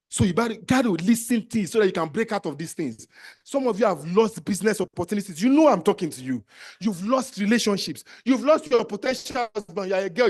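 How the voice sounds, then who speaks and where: A man with a Nigerian accent giving a live motivational speech as an entrepreneurship trainer, emphatic and exhorting, repeating commands and slipping into Pidgin. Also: sits high.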